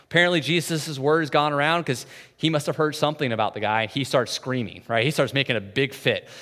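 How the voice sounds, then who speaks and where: A man preaching a sermon in a conversational way, often adding "right?" and swinging from hushed, soft passages to loud, intense ones. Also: medium pitch, fairly even intonation, fast talker. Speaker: pastor. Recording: long reverb of a large hall.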